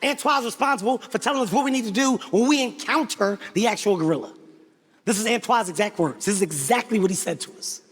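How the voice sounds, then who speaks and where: A man telling a profane stand-up comedy story with animated, indignant outbursts. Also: sits high, fast, husky. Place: large venue with audience. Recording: echoey hall, faint background noise.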